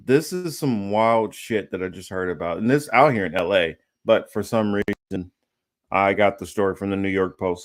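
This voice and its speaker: A man's voice: low-pitched, no room sound, studio quality. A man hosting a podcast, talking casually and hesitantly with many fillers. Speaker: podcast host.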